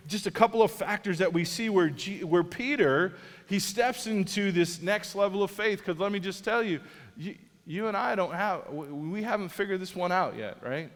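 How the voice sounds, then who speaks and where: A man's voice: high voice, in a large hall. A male pastor preaching a sermon in an earnest, conversational way, often restarting his sentences. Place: large church auditorium.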